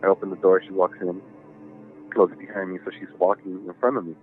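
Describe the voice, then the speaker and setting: A man's voice: low-pitched, level tone, quick pace, faint music behind. A man telling a ghost story as a podcast guest, rambling and swearing with lots of fillers, over a tinny phone-like line. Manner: rambling, profane, many fillers. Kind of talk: casual storytelling.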